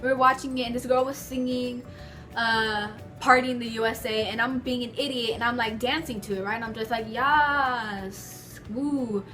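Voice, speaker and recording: A young woman vlogger telling stories to the camera from her bedroom, in a chatty, animated way full of filler words. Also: a little high, fairly quick, soft background music. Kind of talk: casual storytelling to camera.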